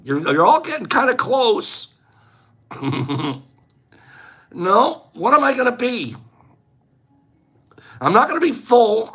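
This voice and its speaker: Lively, slow-talking playful man. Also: high-pitched, husky. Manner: playful and joking, often laughing. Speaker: livestream host. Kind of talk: casual livestream chat with viewers.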